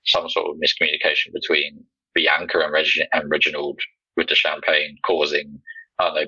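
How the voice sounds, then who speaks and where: A man's voice: rumbling low, sharp tone, husky, no room sound, lo-fi sound. A man co-hosting a wrestling podcast in casual chat, agreeable and a little hesitant.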